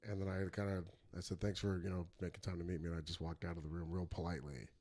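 A man's voice: deep voice, racing. A man hosting a casual chat, telling a story with swearing and acted quotes. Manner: animated storyteller, swears freely. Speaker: podcast host, comedian.

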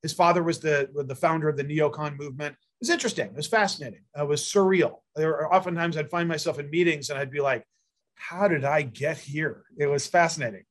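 A man's voice: a little high, quick pace, few pauses. Rambling middle-aged man telling stories. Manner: rambling, many fillers and restarts. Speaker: guest, mayor and prosecutor candidate. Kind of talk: storytelling interview answers.

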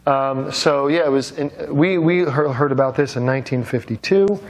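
A man's voice: mid-range voice, normal speed, a little hiss or hum. A man giving a classroom lecture, with joking asides to the students and many fillers and restarts.

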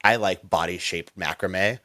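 A man's voice: low-pitched, measured pace, pushed and bright, no room sound. A man telling a long story as a guest in an interview, rambling with lots of "like" and restarts.

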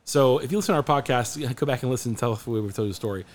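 A man co-hosting a podcast, telling a story in casual chat, animated and often restarting his sentences. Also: medium pitch, rapid-fire. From Phoenix area, USA. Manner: animated, restarts a lot, acts out quotes. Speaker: podcast co-host.

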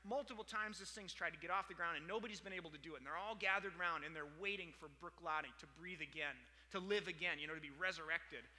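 A man's voice: on the high side, fast, few pauses, pushed and bright. A man preaching a conversational sermon, telling stories with lots of filler words. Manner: storytelling, chatty with many fillers. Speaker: pastor. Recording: long hall reverb.

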